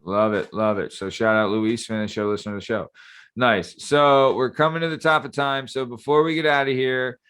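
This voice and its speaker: A man's voice: mid-range voice, fairly even intonation, fairly quick, fairly bright tone, clear, resonant tone. A man hosting a casual podcast, loose and profane, thanking listeners and laughing along with the crew. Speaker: podcast host.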